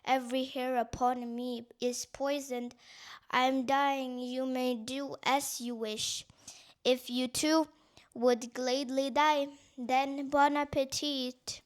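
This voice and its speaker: A woman voicing a small, frightened but clever female mouse in a storybook, with a high, sniffling, whimpering voice. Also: little pitch movement, takes it slowly. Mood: pleading.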